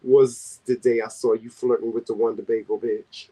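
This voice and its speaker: A man with a Southern US accent, hosting a casual vlog chat and telling teasing stories in an animated way. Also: medium pitch, normal speed, poor audio. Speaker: vlog host.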